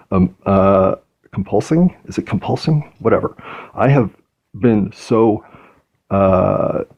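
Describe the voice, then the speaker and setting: A man's voice: on the low side, dull audio. A man talking through his thoughts in a reflective personal monologue, hesitant and searching for words. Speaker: podcast host.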